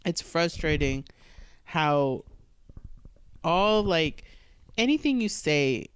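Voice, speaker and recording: A woman's voice: low-pitched, slow pace, smooth. A woman comedian guesting on a podcast, telling stories in a casual chat and acting out other people's lines. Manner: animated storytelling with acted-out quotes.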